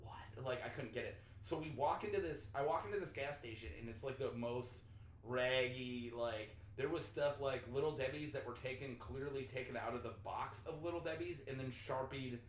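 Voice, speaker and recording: A young man from North Dakota hosting a podcast, telling animated stories in casual chat, swearing freely and acting out what people said. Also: medium pitch, normal speed, slight background noise. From North Dakota, USA. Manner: animated storyteller, swears freely, acts out quotes. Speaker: podcast host. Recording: echoey room with faint ambience.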